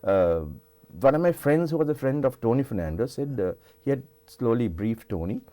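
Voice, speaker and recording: An older man with a Sri Lankan English accent, a singer, speaks expressively at normal speed in a dark, medium-pitched voice. In a casual television studio interview, he tells rambling stories and restarts often.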